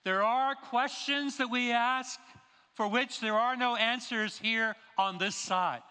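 High, bright-voiced male preacher. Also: fairly even intonation, slow pace, clear, resonant tone. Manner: emphatic preaching with rhetorical questions. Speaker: pastor. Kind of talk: sermon. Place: church sanctuary. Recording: long reverb of a large hall.

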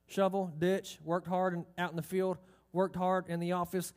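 Emphatic high-voiced preacher. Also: male voice, flat delivery, moderate pace, few pauses, a little mellow. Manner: emphatic, drawls key phrases, asks the congregation questions. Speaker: pastor. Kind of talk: sermon.

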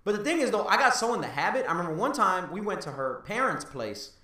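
A man in his thirties in casual podcast chat, talking fast and loose, swearing and tagging lines with "bro" and "right?". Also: sits high, big pitch swings, sharp tone, echoey room, far from the mic. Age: 30s. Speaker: podcast co-host.

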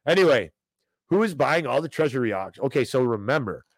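A man hosting a casual livestream about finance, ranting and animated, talking straight to viewers in the chat. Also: mid-range voice, a little fast, no room sound. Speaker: host of a financial commentary show.

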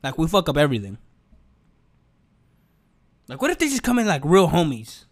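A man's voice: a little high, moderate pace, pauses often. A young man hosting a podcast, talking in a casual, joking monologue full of slang and swearing. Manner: animated, joking, slangy and profane. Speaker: podcast host.

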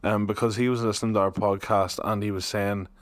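A man's voice: fairly low pitch, flat delivery, no room sound. A young man with a Liverpool accent, co-hosting a podcast and bantering casually with his co-host. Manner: joking, quick, banter-heavy. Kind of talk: casual chat.

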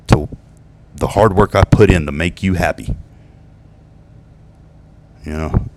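A man talking straight to the camera in a rambling, profane monologue, swearing often and laughing at his own jokes. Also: low-pitched. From United States. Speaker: vlogger venting about exes.

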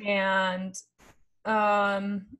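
A woman's voice: medium pitch, monotone, drawn-out words, a bit bright, muffled recording. A woman with a mid-range voice co-hosts a casual chat. She is blunt and irritated, and she swears as she gives her opinions. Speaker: podcast co-host.

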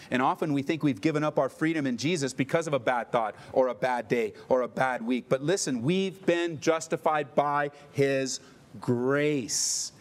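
A middle-aged male pastor preaching a sermon with emphatic delivery and playful asides. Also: mid-range voice.

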